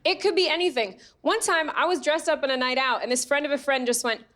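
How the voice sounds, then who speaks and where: Speaking fast in a high, fairly bright voice, this New York comedian from Staten Island, USA, keeps her stand-up chatty and self-mocking. She performs on a theatre stage while the audience laughs.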